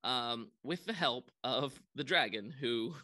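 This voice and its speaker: A man's voice: mid-range voice, lively intonation, slow, pushed and bright, dry recording. A young man casually recapping a movie on a podcast, rambling with lots of ums and likes. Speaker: podcast co-host.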